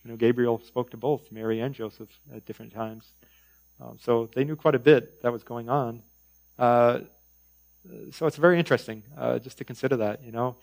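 A man's voice: mid-range voice, steady tone, moderate pace, gravelly, a little mellow, poor audio. A male preacher teaching a conversational sermon, with frequent fillers and informal asides.

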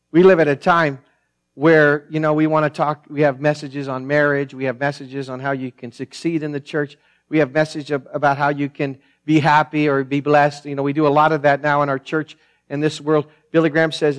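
Male pastor in the pulpit; earnest, emphatic, repetitive delivery with loud and hushed swings, voice a touch high. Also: little pitch movement, fairly quick. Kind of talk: sermon.

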